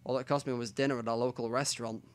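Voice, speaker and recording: In a let's play, a man reads out a visual novel with quiet remarks to himself between narrated stretches. His medium-pitched delivery is flat and rapid-fire.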